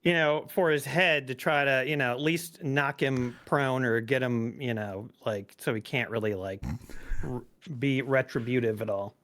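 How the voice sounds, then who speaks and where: A man taking his turn in a tabletop game, speaking at an everyday pitch. He talks loosely, sprinkling in fillers as he explains his moves. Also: normal speed, a bit bright. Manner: casual, uses "like" and "you know". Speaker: player. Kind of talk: casual tabletop game play.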